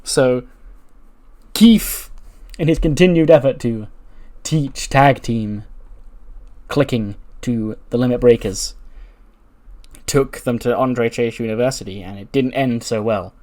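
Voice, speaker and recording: A man's voice: medium pitch, slow, pauses often, a little mellow. A man narrating his wrestling-sim playthrough in a loose, conversational way. He laughs along at his own storylines. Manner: chatty, laughs often. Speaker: game commentator. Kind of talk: casual let's-play narration.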